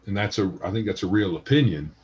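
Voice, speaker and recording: A man's voice: lowish voice, lively intonation, quick pace, a little mellow, husky, muffled recording. A man co-hosting a casual gaming podcast, giving blunt, dismissive opinions. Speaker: podcast co-host.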